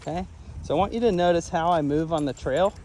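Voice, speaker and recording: A man working as a dog trainer, talking casually through a training walk outdoors on a trail and breaking into high sing-song praise for the dog. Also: fast talker, darkish tone, a little hiss or hum. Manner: laid-back, chatty, laughs often. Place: outdoors on a wooded trail near a creek.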